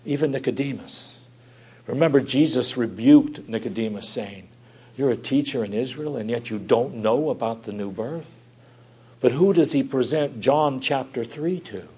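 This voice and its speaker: Man preaching with loud rises and quiet drops. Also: mid-range voice, moderate pace, slightly rough. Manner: dynamic, swings from loud emphatic rises to quiet soft drops; asks the listeners rhetorical questions. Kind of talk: sermon.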